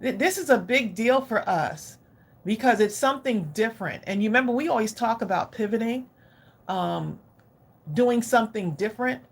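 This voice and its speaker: Hosting a crafting livestream, a middle-aged woman talks at normal speed in a fairly high, husky voice. Her casual live chat with viewers is warm, effusive, and direct.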